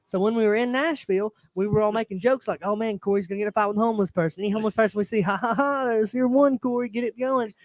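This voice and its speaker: A young man telling a rowdy story in casual chat, animated and acting out the quotes with teasing energy. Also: high voice, very fast, hardly any pauses, no room sound. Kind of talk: casual storytelling at a watch party.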